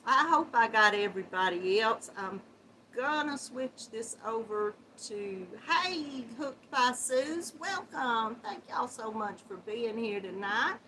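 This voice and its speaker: Chatty and prone to frequent laughter, a middle-aged woman greets her livestream viewers with warm Southern endearments while dealing with a runny nose. Her slightly high voice is expressive and slow, with slight background noise.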